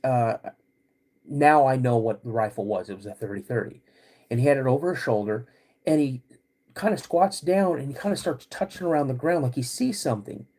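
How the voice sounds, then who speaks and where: A man hosting a podcast, recounting a personal story in a halting, vivid way with many restarts. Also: mid-range voice, dark tone, breathy edge. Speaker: podcast host.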